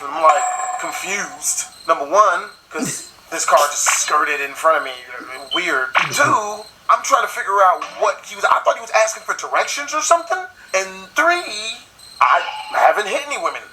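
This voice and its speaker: A man's voice: sits high, moderate pace. A young man telling a comic story in casual slang, acting out the voices of the people in it. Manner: lively, slangy, acts out every voice.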